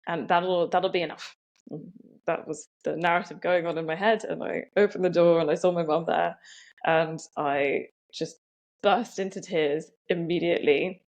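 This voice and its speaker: A woman's voice: on the low side, steady tone, moderate pace, darkish tone, dull audio. A young woman telling a personal story as a podcast guest, reflective and full of "um" and "like". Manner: reflective, many "um" and "like" fillers.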